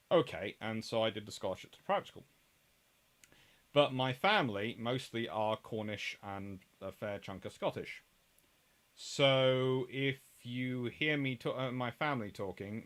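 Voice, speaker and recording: A man's voice: fairly low pitch, fairly bright tone. A middle-aged man hosts a live-stream chat. He talks in a loose, rambling way. He stops often to read out viewer comments and answer them. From England. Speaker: host.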